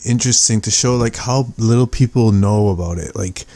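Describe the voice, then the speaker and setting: A man's voice: lowish voice, moderate pace, mellow, no room sound. A man giving rambling casual commentary over video clips, full of fillers and restarts.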